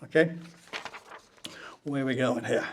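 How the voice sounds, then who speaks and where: A man's voice: mid-range voice, measured pace, a little hiss or hum. A man casually telling blunt, profane anecdotes to an audience, acting out the people he quotes with gusto. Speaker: speaker recounting political anecdotes.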